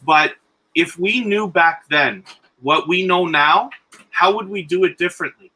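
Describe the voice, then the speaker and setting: A man's voice: sits high, unhurried, pushed and bright, rough recording. A man speaking earnestly as a guest on a live stream, giving encouragement and advice.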